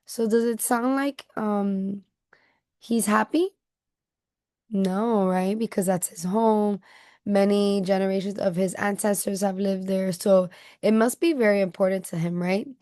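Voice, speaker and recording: A woman teacher reading a picture book aloud to children, pausing to ask questions and check they follow along. Her voice is close and dry, with a mid pitch. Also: steady tone, no room sound. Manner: gentle questioning, checking in with listeners.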